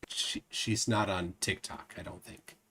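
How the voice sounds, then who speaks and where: A man's voice: sits low, steady tone, unhurried, background noise. A man hosting a live stream, reading viewer comments aloud and making wry remarks. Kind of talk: casual live-stream chat.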